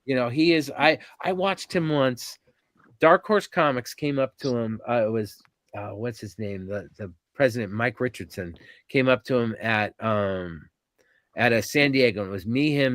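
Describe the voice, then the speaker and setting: With a mid-pitched voice captured close and dry, free of any room sound, a man in his fifties swaps stories on a podcast. He's a convention organizer, and his lively telling is peppered with ums and false starts.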